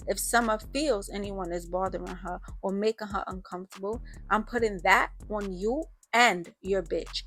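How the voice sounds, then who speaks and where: A woman's voice: mid-range voice, a bit bright, lightly acted. A woman voicing a menacing teenage boy gang leader who threatens in profane street slang.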